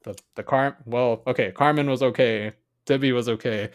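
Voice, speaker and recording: A man's voice: mid-range voice, steady tone, normal speed. A man co-hosting a casual podcast, ranting sarcastically about a movie, swearing often and rambling. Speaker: podcast co-host.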